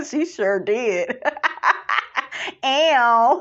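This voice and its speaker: A woman's voice: mid-range voice, animated, slow, a bit bright, muffled recording. Sassy, laughing woman recapping reality TV. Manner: sassy, chatty, laughs often, calls people honey. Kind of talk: casual episode recap.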